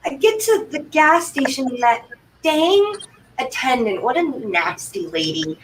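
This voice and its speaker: A woman from Vermont, a livestream guest, telling rambling stories in a chatty, animated way. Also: high voice, unhurried. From Vermont, United States. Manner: chatty, rambling, breathless anecdotes with quoted asides. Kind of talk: casual chat, animated storytelling. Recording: distant mic, faint background noise.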